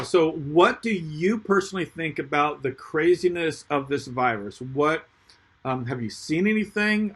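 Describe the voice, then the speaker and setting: A man's voice: a little high, fairly bright tone. A man, a pastor, hosting a casual live-stream chat, upbeat and laughing often, with plenty of ums.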